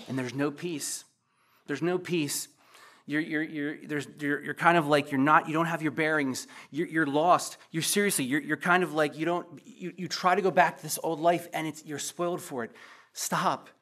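A man's voice: on the high side, fairly even intonation, normal speed, fairly bright tone. A pastor preaching a sermon in an earnest, emotional way, repeating himself as he pleads with the congregation. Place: church.

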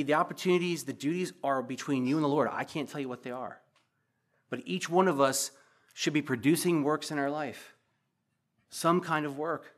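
A man's voice: a little high, fairly bright tone. A pastor preaching a sermon in an earnest, emotional way, repeating himself as he pleads with the congregation. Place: church.

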